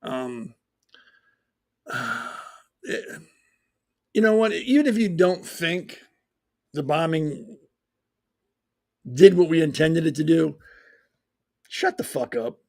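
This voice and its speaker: A man's voice: fairly high pitch, lively intonation, takes it slowly, gravelly, long pauses, a little mellow. A man hosting a talk show, delivering a blunt, profane, sarcastic opinion monologue. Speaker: host.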